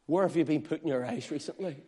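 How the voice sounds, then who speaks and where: A man preaching in a fairly high voice, his words ringing out into a long hall reverb. He swings from loud, pleading appeals to the listeners down to hushed, quiet asides. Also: quick pace, breathy edge. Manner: impassioned, rising and falling between loud appeals and hushed asides. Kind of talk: sermon.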